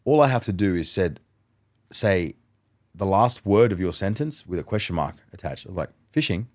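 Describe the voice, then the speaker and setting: A man, a mentalist guest on a podcast, chatting casually and telling animated stories that act out both sides of a conversation. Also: sits low, normal speed. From Australia. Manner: animated storyteller who acts out dialogue.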